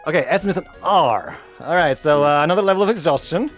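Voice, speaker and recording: A man running a tabletop game as dungeon master, his high voice swinging widely as he laughs and hands out instructions. Faint music plays under the voice chat. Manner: animated, laughing, quick with instructions. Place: online game session over voice chat.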